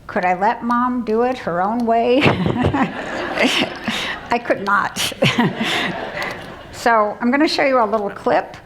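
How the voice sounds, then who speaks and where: A woman's voice: fairly high pitch, a little slow, noisy background. A woman in her sixties, from the Midwest, telling self-deprecating stories in a humorous luncheon speech. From Midland, Michigan, US. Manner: warm self-deprecating storytelling with laughs. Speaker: keynote speaker. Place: luncheon hall.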